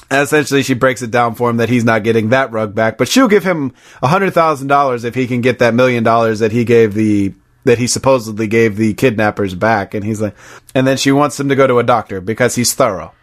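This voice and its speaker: A man's voice: mid-range voice, brisk. A man co-hosting a casual film podcast, animatedly retelling scenes and dropping wry jokes. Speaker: podcast co-host.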